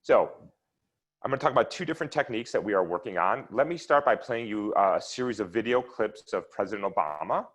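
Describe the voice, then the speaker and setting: A man's voice: on the low side, lively intonation, fast. A man presenting his research at an online seminar, explaining slides and charts step by step. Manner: explanatory, walks listeners through charts step by step. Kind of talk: lecture with slides.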